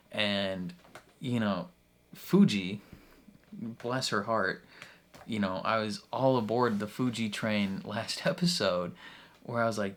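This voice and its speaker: A man with a somewhat low voice talks through an episode he just watched. He rambles, restarts his sentences and laughs between points, and his voice climbs when he gets worked up. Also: measured pace, a bit bright. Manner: rambling, many restarts and fillers, laughs often, gets heated. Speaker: reaction video host. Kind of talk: casual recap of a TV episode.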